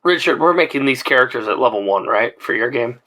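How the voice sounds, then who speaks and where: A man's voice: medium pitch, expressive, fast, bright, forceful tone, poor audio. A man playing in a tabletop group, chatting casually and often stammering as he starts to talk. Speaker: player.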